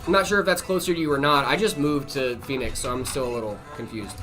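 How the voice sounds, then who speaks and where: A relaxed livestream host chatting with viewers about PC builds, drifting through fillers as the questions are read aloud. The voice sits mid-range, and faint music plays underneath. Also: mid-range voice, fast. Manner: laid-back, filler-heavy, reads chat aloud. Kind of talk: casual live chat answering viewer questions.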